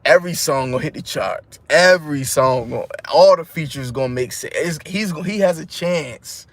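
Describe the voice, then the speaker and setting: A man's voice: a little high, moderate pace, fairly bright tone, dry recording. Slangy rambling man reviewing albums. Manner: rambling, slangy, frequent restarts and fillers. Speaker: music reviewer. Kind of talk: casual album review monologue.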